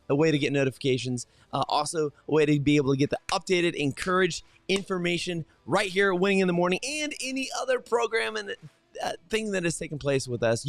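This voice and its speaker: Male host, morning motivational show, animated and high-ish, energetic, dry close sound. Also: dry recording. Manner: energetic, talks straight to viewers with many fillers and restarts.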